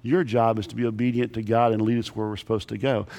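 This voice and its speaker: A man voicing a dutiful wife who calmly defers to her husband, in a long-echoing hall. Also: on the low side, fast, voice pushed down, close to an everyday voice. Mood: earnest. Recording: long reverb in large hall.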